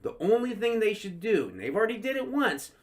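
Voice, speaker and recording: Male podcast co-host, casual, rowdy storyteller, pitch swings widely. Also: fairly quick. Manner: animated, swearing, acts out quotes in high voices. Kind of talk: casual drinking-podcast chat.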